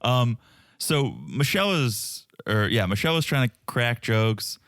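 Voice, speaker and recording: A man's voice: mid-range voice, lively intonation, unhurried, fairly bright tone, no echo, studio quality. A man from Connecticut co-hosting a podcast, recapping in a wry, joking way. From Connecticut, United States. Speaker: podcast co-host. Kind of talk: casual chat.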